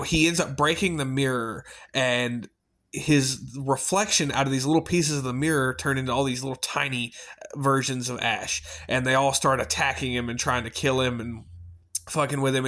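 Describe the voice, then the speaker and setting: A man recapping a film in a loose, rambling way. He fills his talk with "um" and "uh" and swears casually. His voice sits at an ordinary middle pitch. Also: a bit bright. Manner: rambling and chatty, with many fillers and casual swearing. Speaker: movie reviewer. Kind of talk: casual spoken movie review.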